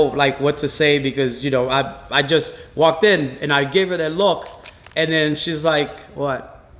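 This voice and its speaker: Father telling his story to camera: man, somewhat high voice, halting and emotional, many restarts. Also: fairly bright tone, reverberant, a little hiss or hum.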